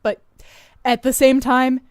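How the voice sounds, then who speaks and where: A woman's voice: high voice, little pitch movement, slow, dry recording, studio quality. Chatty, self-deprecating woman co-host. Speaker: podcast co-host. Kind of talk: casual advice chat.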